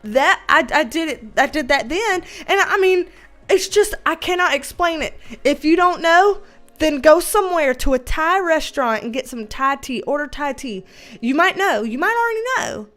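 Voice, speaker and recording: This livestream host and tarot reader speaks at a normal pace in a high, expressive, fairly bright voice with a Southern US accent. She reads viewer comments out loud, laughs frequently, and keeps things loose and chatty with some mild cursing.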